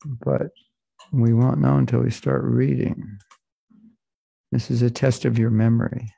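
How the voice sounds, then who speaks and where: A man with a gravelly, creaky voice teaches a scripture class. He reads slowly and with measure, then breaks off for joking asides. The sound is dry and close, with no room echo. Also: medium pitch, level tone, dark tone. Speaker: spiritual teacher. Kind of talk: scripture class, reading and commenting.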